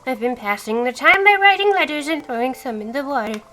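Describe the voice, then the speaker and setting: A woman voicing a fretful, axe-loving woodcutter spirit from a cozy game, in a high, sing-song, fussy voice while reading the dialogue aloud. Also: lively intonation, brisk, bright, forceful tone, slight background noise.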